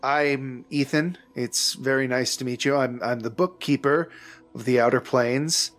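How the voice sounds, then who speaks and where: Kindly afterlife bookkeeper, played by a man, talks in quick, friendly bursts, music faint underneath. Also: mid-range voice, fairly even intonation, a bit bright, close to an everyday voice.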